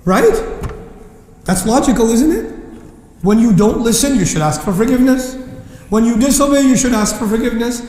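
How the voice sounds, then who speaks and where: A man's voice: high voice, very animated, a little slow, pauses often, warm tone. A man preaching a passionate sermon, building to indignant questions and quoting Arabic verses. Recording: echoey hall with long reverb.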